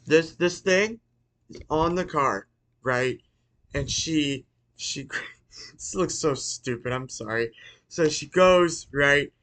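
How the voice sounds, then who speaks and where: An excitable man recapping a horror movie for his channel, wandering through the story with restarts, swearing and quick apologies. His voice sits a bit high, and he talks at a slow, easygoing pace. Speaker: YouTuber reviewing a movie. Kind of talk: casual rambling movie recap.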